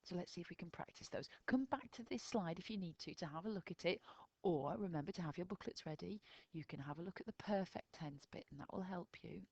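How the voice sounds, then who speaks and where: A woman's voice: fairly low pitch, fast, darkish tone, breathy edge, no echo, muffled recording. An English woman teaching a recorded lesson, explaining step by step to pupils in a patient way. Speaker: French teacher.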